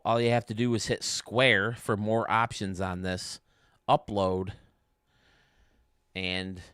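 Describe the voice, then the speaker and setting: A man's voice: on the low side, a bit bright, clear, resonant tone, no room sound, studio quality. A man hosting a casual livestream from home, chatting as he explains game menus step by step. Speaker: YouTube gaming streamer.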